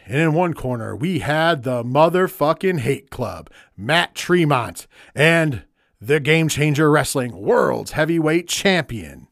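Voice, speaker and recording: Excitable wrestling podcast host, dry mic. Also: male voice, on the high side, slow, gravelly, no room sound. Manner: enthusiastic, profane, rambling with fillers. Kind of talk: casual wrestling recap chat.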